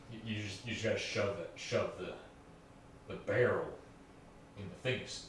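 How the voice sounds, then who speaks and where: A young man with a fairly low voice chats loosely on a live stream, trailing off, swearing and joking to himself as he types. The room around him is echoey, with a faint hiss of noise underneath. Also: normal speed. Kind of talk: casual live-stream chatter while working.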